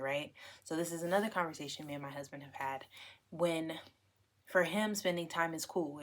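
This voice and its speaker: A woman's voice: fairly low pitch, fairly bright tone. A young adult woman hosting a podcast, talking in a casual, emphatic way and often checking in with "right?" and "okay?". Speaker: podcast host. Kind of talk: casual solo podcast talk.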